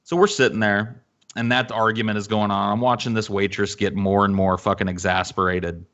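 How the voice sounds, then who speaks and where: A man hosting a podcast, telling a story in a casual, animated and profane way with lots of fillers. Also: fairly low pitch, brisk, muffled recording. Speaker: podcast host.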